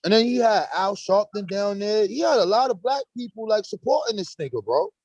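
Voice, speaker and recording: High-voiced animated man on a dry close mic. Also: fairly quick, no echo, dull audio. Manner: animated, profane street talk, acts out courtroom exchanges. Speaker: host. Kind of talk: casual live-stream chat.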